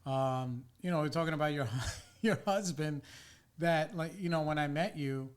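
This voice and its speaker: A man hosting a podcast, talking loosely and rambling with plenty of fillers and the odd swear. His voice sits a little high for a man. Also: moderate pace, clean tone. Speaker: podcast host. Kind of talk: casual chat.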